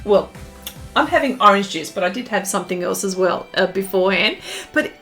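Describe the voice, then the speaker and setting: A woman's voice: medium pitch, animated, a little fast, fairly bright tone, faint music behind. An Australian woman hosting an art live stream in bubbly, casual chat, full of fillers and giggly greetings.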